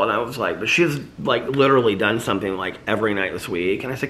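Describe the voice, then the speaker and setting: A man talks through his day in a loose, rambling vlog, full of fillers and restarts. His voice sits on the low side but sounds bright and forward. A slight lisp shows up now and then because his mouth is sore. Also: quick pace, slight background noise. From United States. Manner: rambling, chatty, filler-heavy. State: sore mouth after tooth removal. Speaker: vlogger. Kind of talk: casual daily vlog chat.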